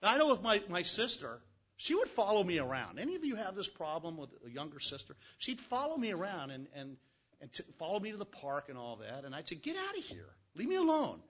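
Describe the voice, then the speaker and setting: A man preaching a conversational sermon, reading scripture with folksy, animated asides. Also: a little high, fairly quick, husky, dull audio. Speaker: pastor.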